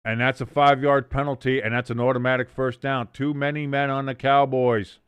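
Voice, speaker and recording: A man with a smooth, clear voice gives casual play-by-play on a live stream, reacting to chat with jokes and sudden excited shouts. His voice is recorded close and dry, with no room sound. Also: medium pitch, fairly quick, no echo. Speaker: host of a watch-along stream.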